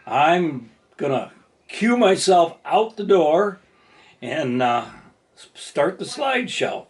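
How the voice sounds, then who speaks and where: A man's voice: fairly high pitch, sing-song, takes it slowly. Rambling, jokey older man. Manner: rambling and jokey, self-deprecating. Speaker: scale model builder. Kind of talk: casual chat to camera.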